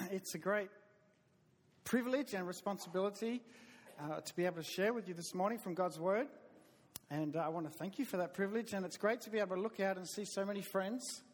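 A man's voice: high voice, fairly quick. A middle-aged man with a Southern US accent preaching a sermon, telling folksy, self-deprecating stories with hesitant restarts. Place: church sanctuary. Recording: long hall reverb.

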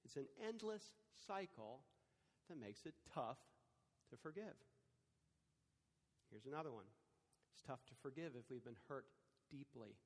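A man's voice: mid-range voice, animated, unhurried, long pauses, in a large hall. An older man preaching a sermon, telling stories and acting out quoted dialogue in a conversational way. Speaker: pastor.

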